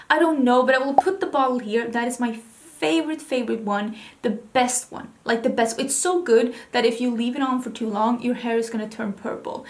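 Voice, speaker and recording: A chatty woman with a slightly high voice, talking through her used-up beauty products. She rambles a little and slips into hushed asides now and then. She sounds like a casual beauty vlogger. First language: Swedish.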